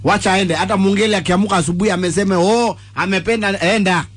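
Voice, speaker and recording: A Kenyan man co-hosting a radio show, speaking emphatically in lively banter. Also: high-pitched, quick pace. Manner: emphatic, mixes English and Swahili. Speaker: radio co-host.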